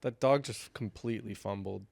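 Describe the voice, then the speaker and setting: A man's voice: fairly low pitch, moderate pace, gravelly, darkish tone, dry recording. A man co-hosting a podcast, dropping short wry remarks in casual chat. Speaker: podcast co-host.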